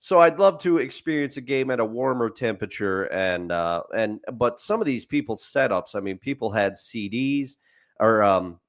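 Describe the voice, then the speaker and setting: A man's voice: medium pitch, expressive, normal speed. A man co-hosting a sports podcast, telling stories in a rambling way, restarting sentences and laughing at his own tales. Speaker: podcast co-host. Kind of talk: casual sports chat.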